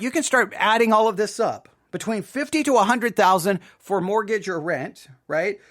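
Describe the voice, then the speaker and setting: A man's voice: high voice, a bit bright. A man giving an emphatic monologue to viewers, repeating figures and asking rhetorical questions, his voice cracking. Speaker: Christian commentator.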